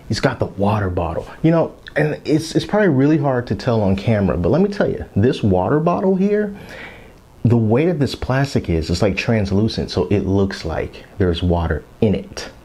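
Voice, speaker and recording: A man's voice: on the low side, a little mellow, a little hiss or hum. A man in his thirties casually reviewing action figures on camera in a chatty, rambling way, now and then dropping to a whisper. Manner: chatty, rambling, drops into whispers so as not to wake his kids. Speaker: toy collector vlogger.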